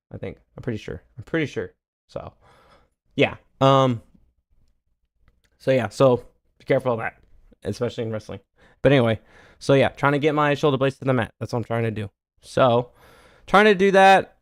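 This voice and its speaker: A man's voice: no echo, clean studio sound. Man heatedly breaking down his grappling matches. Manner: explains techniques step by step, turns loud and heated over his own mistakes; drops to a low mutter on asides. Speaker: streamer. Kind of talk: casual commentary reviewing his own match footage.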